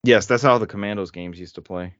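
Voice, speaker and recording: A man's voice: fairly low pitch, brisk, a bit bright, dry recording. A man hosting a casual gaming podcast, reading lists of upcoming games aloud with joking asides. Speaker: podcast host. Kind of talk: casual chat, reading game news. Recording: dull dry studio sound.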